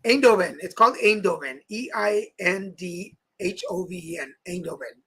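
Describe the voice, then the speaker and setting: A man's voice: high-pitched, lively intonation, moderate pace, bright, forceful tone, breathy edge, poor audio. A man co-hosting a talk show, telling stories in a playful, chatty way with frequent laughs. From Mexico. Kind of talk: casual chat. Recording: live stream with faint background noise.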